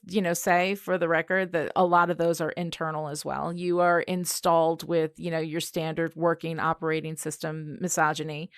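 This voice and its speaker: A podcast co-host with a lowish voice chats casually, sounding emphatic and thoughtful and using many fillers. The recording is dry and clean, with studio quality.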